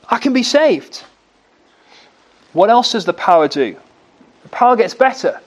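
A man's voice: animated, moderate pace. A man preaching a sermon in an earnest way, with dramatic rises and drops in his voice. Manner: earnest, with dramatic swings in pitch and volume.

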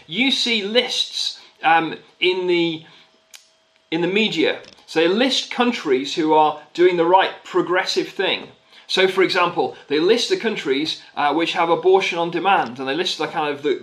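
A man's voice: on the high side, a bit bright, low-quality recording. A man preaching a sermon in a conversational, emphatic way, repeating key phrases and often restarting sentences. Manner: conversational with frequent restarts and fillers.

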